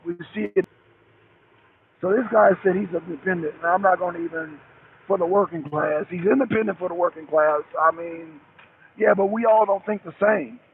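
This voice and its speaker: A middle-aged man with a high, gravelly voice, calling in over a tinny, phone-like line with a faint hiss behind him. He rambles, repeats himself, and curses often in loose talk-show chat. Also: normal speed. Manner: rambling, repetitive, heavy cursing. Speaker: truck driver calling in.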